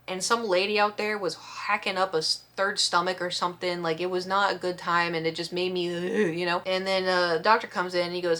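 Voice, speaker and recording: A woman vlogger telling a story in casual chat, expressive and acting out the quotes. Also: fairly low pitch, a little fast, hardly any pauses. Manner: chatty, expressive storyteller who acts out quotes.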